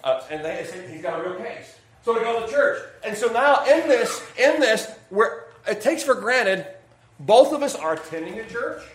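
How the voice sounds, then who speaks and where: A man's voice: extremely high pitch, very animated, moderate pace. A man preaching a midweek sermon, folksy and joking as he tells stories to make his point. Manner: folksy, jokey storytelling preacher. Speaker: pastor. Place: church sanctuary. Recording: echoey church room.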